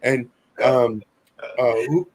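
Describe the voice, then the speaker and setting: A man's voice: mid-range voice, slow pace, a little mellow. A man co-hosting a casual live stream, telling stories earnestly with many fillers and restarts. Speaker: co-host.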